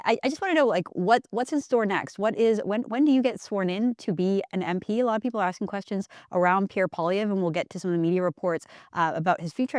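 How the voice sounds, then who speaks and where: A Canadian woman hosting a political talk show, putting brisk, probing questions to her guest. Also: lowish voice, no echo, clean studio sound. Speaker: show host. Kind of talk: interview questions.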